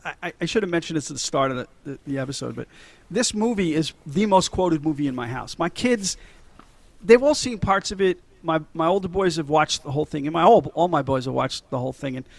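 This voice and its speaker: A man's voice: a little high, lively intonation, brisk, vocal fry, no echo. A middle-aged man co-hosting a podcast, retelling movie scenes in a casual, laughing way with frequent swearing. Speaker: podcast co-host. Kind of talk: casual movie-recap chat.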